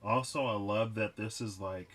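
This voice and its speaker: A young man with a fairly low voice talks through a tarot spread in a casual vlog. He rambles and reflects as he goes, with plenty of "like" and "um.". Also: steady tone, moderate pace, fairly bright tone. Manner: rambling, reflective, lots of fillers. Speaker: tarot reader.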